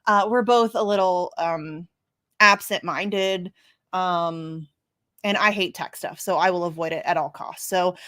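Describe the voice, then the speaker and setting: A woman's voice: on the low side, measured pace, a bit bright, no echo, studio quality. A woman hosting a casual livestream show, chatty and self-deprecating, a bit congested. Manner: chatty, self-deprecating, frequent fillers and laughs. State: congested from sneezing.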